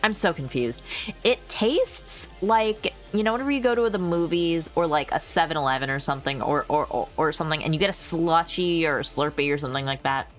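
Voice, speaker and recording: A woman's voice: sits low, a little fast, faint music behind. A woman livestreaming casual chat, rambling, laughing often and swearing freely into a new microphone. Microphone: new desk microphone.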